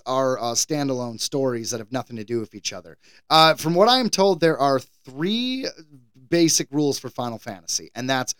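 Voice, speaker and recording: A man's voice: medium pitch, clean tone, no room sound. An American man co-hosting a podcast, chatting casually with wry, playful banter. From United States. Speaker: podcast co-host.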